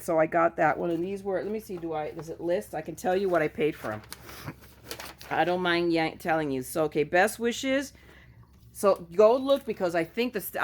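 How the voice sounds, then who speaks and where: A woman's voice: on the low side, slight background noise. A woman chatting casually at home in a craft haul video, goofy and self-mocking as she shows her finds. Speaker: craft vlogger.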